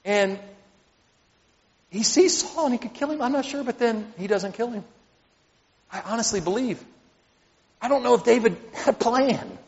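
A man preaching a sermon, reading scripture aloud and explaining it with animated emphasis that sometimes builds to near shouting. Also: very high voice. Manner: animated, rising to near shouts at emotional peaks. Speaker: pastor. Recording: dull audio in a hall with long reverb.

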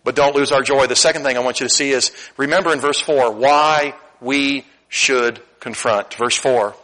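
A middle-aged man preaching a sermon in a church, candid and animated, swinging between loud emphasis and quiet asides. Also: medium pitch, moderate pace, rough recording. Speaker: pastor. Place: church sanctuary.

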